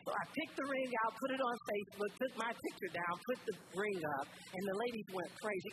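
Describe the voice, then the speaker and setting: Woman, church testimony, emphatic, mid-pitched, recording full of loud noise. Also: animated, fairly quick, hardly any pauses. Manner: emphatic, rising high when reliving emotional moments. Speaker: church speaker giving testimony. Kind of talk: testimony sermon.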